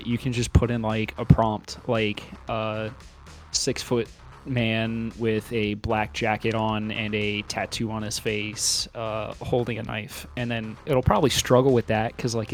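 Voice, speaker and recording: A man hosting a podcast in casual chat, laid-back and rambling with lots of hesitation. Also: on the low side. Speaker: podcast host.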